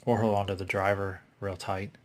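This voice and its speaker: A man voicing a bland, teasing young man of nineteen in a read-aloud suspense story, with a low, flat delivery. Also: normal speed, lightly acted.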